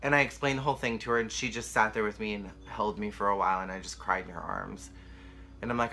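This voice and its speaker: Bright-voiced young man telling a personal story. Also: fairly low pitch, steady tone, quick pace. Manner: candid, emotional, rambling with many likes. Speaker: vlogger.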